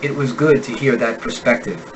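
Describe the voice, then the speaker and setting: American male accent coach, mid pitch, careful clear drill reading for a lesson. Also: a little hiss or hum, rough recording. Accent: General American. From United States. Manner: slow, deliberate enunciation of sample words. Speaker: accent instructor. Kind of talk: reading example sentences in a pronunciation lesson.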